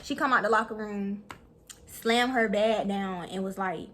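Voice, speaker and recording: A young woman telling a story to her viewers in a blunt, profane, animated way. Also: medium pitch, measured pace. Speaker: vlogger. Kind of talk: storytime vlog.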